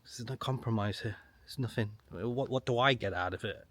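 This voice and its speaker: A middle-aged man giving a solo commentary to camera, emphatic and ranting, repeating his points with long pauses. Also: mid-range voice, fairly bright tone, no room sound. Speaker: online political commentator.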